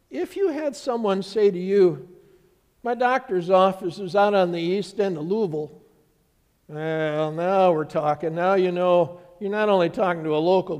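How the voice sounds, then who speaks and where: In a church sanctuary, a middle-aged pastor preaches a sermon, telling stories conversationally and doing voices for the people he quotes. His voice sits high and mellow, trailing a long reverb tail.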